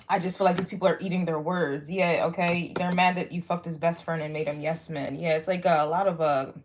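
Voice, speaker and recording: This is a young woman with a somewhat low voice, talking straight to her viewers during an astrology reading. She rambles, curses freely and leans on fillers as she works her way toward each point. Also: slight background noise. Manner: rambling, frank and profane, lots of fillers. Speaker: tarot and astrology reader. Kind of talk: casual spoken reading to viewers.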